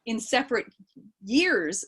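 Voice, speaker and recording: A woman's voice: fairly high pitch, very animated, slow pace, fairly bright tone, slightly rough. A woman actor with a Canadian accent, answering interview questions in a casual live video chat, thoughtful and rambling with plenty of fillers and restarts. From East Coast of Canada.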